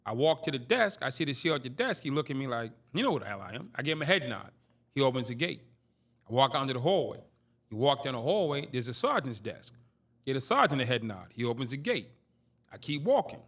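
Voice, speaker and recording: Animated storytelling man in his 50s. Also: mid-range voice, fast. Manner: animated, streetwise, acts out dialogue. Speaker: interview guest. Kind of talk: storytelling in a casual interview.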